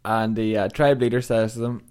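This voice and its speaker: A man's voice: on the low side, steady tone, fairly quick, a little mellow, clear, resonant tone. A man co-hosting a casual podcast chat, telling stories in a rambling way and laughing often. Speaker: podcast co-host.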